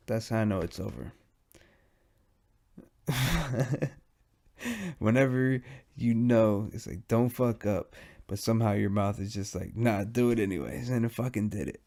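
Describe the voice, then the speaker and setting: A man's voice: lowish voice, vocal fry, dark tone. A stoned man hosting his solo podcast, rambling, swearing and mocking himself as he goes. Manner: rambling, profane and self-mocking. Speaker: podcast host. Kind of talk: casual solo podcast monologue.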